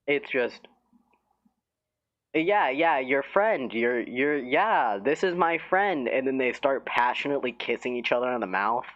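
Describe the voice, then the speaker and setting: A man's voice: medium pitch, expressive, unhurried, a bit bright, highs cut off. A man hosting a casual live stream, rambling in a giggly, self-mocking way.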